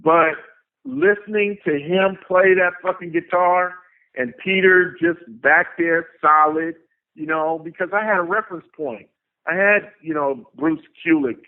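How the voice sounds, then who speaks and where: Profane, emphatic man on a tinny phone line. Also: fairly high pitch. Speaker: guest, tour manager. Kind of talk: casual storytelling interview.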